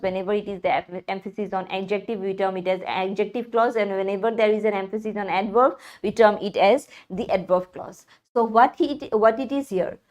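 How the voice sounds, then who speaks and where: A woman teaching English grammar in a live exam analysis, explaining slowly and often restarting with fillers. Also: medium pitch. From India.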